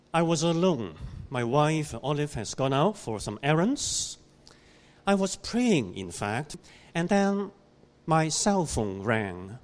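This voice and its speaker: Guy preaching in church, slightly high voice, slow storyteller, asks the congregation questions. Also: a little mellow. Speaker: pastor. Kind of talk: sermon.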